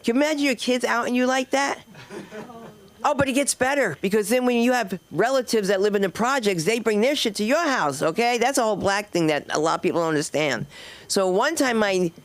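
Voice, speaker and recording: A woman's voice: on the high side, expressive, fairly quick. A middle-aged woman hosting an open mic, telling loose, digressive stories on a comedy club stage into a handheld mic and acting out the people in them. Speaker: stand-up comic and host. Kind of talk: rambling stand-up set.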